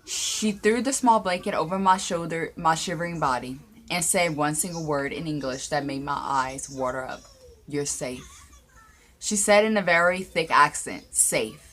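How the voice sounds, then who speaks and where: A woman with a low voice tells a story in the first person, reading it aloud. She stumbles and restarts words here and there, giving it a homemade feel. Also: normal speed, few pauses, fairly bright tone, a little hiss or hum. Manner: reads aloud with small slips and restarts.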